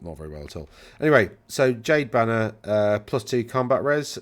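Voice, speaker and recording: Wry, rambling man, low voice. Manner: rambling, self-correcting, wry and dismissive. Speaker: channel host reviewing game rules. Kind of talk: casual rambling commentary.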